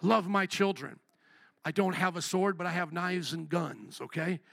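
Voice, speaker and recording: A man preaching a sermon as pastor, animated and asking the congregation questions. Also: high voice, moderate pace, creaky, no echo. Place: church.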